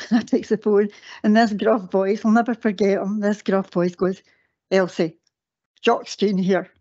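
A woman's voice: mid-range voice, steady tone, normal speed, a little mellow. An older Scottish woman gives a chatty speech of personal memories at a council meeting, laughing at her own stories and correcting herself as she goes. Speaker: guest speaker at a council meeting. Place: council chamber. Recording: dull lo-fi meeting recording.

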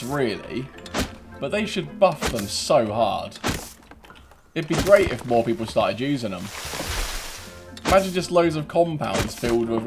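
A young British man giving cheeky gameplay commentary, laughing often and breaking into loud taunting yells. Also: medium pitch. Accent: British English. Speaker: gaming YouTuber.

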